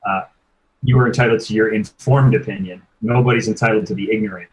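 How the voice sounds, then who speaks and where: Low voiced coach guy on a podcast, earnest and kinda blunt. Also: fairly even intonation, fast talker, low-quality recording. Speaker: podcast guest, sports performance coach. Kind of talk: conversational interview.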